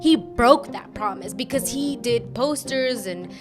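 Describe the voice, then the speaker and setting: A woman's voice: a little high, expressive, unhurried. Chatty woman over background music. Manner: chatty, rambling, self-deprecating. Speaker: YouTube commentator. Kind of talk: casual video commentary.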